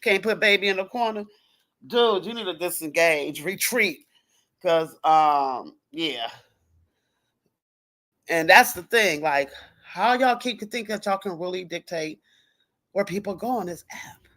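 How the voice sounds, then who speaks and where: A woman hosting a casual livestream, talking straight to her viewers in an animated, profane way. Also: lowish voice, unhurried, long pauses. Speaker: livestream host. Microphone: computer or phone mic on a live stream.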